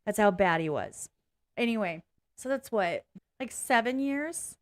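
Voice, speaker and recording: Her voice sits in the mid-range, with lively intonation and a slightly slow delivery. She hosts a reaction video in a blunt, frank way, wandering off on tangents, swearing, and interrupting herself during her casual commentary.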